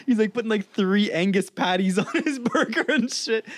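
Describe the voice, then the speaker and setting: A young man hosting a podcast, telling stories in animated casual chat. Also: high voice, normal speed, no room sound. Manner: animated, laughing storyteller. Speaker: podcast host.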